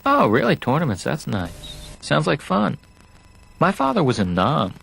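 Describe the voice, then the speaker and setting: A man voicing a blunt, sarcastic video store clerk in a cartoon, flat with mock surprise. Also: fairly high pitch, moderate pace, gravelly, slightly rough, full character voice, poor audio. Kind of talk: improvised cartoon dialogue.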